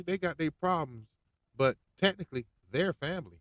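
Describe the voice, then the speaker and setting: A man hosting a podcast, ranting casually in slang and swinging between loud outbursts and hushed asides. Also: a little high, lively intonation, moderate pace, no echo, highs cut off. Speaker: podcast host. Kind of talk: casual political rant.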